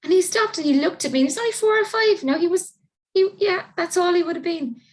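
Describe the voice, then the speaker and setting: A woman's voice: extremely high pitch, quick pace. A woman in her fifties with an Irish accent, telling an interviewer about her life as a carer, earnest and emotional. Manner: earnest, emotional, acts out quoted dialogue. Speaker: interview guest, parent carer. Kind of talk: personal storytelling in conversation.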